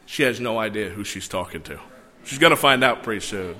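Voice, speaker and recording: A man preaching a sermon, reading scripture and breaking into animated, conversational asides. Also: on the high side, normal speed. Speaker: pastor. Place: church sanctuary. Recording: long church hall reverb.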